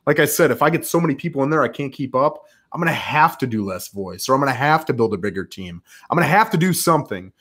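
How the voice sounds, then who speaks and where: A man speaking as a podcast guest, a real estate agent explaining his follow-up routine in an energetic, rambling way. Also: mid-range voice, fast talker, hardly any pauses. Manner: energetic, rambling, acts out quoted calls. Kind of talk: conversational interview.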